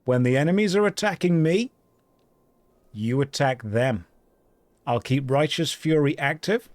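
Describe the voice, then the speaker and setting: A man live-streaming an online game, chatting casually with his viewers and joking in a deadpan way while reading their messages aloud. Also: fairly high pitch, measured pace, no echo.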